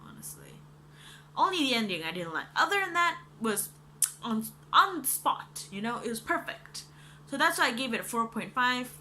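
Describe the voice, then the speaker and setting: A young woman reviewing a book in casual chat, animated and ranting, swearing freely and saying "like" a lot. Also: a little high, normal speed, a little hiss or hum.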